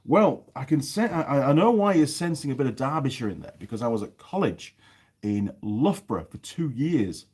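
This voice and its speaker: Husky Yorkshire man chatting on a live stream. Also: medium pitch, very animated, moderate pace, darkish tone. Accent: Yorkshire, softened. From North Yorkshire, England. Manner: chatty, rambling, reads viewer comments aloud. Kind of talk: casual live stream chat. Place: cold workshop.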